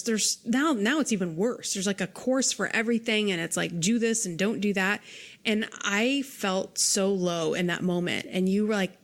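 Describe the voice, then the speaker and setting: Earnest woman host chatting. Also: mid-range voice. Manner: earnest and heartfelt, with frequent restarts. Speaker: podcast host. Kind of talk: casual interview chat.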